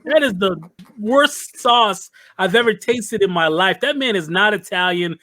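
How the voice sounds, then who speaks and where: High-voiced man ranting animatedly. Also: expressive, unhurried, bright, forceful tone, no echo. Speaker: podcast co-host. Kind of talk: casual podcast banter.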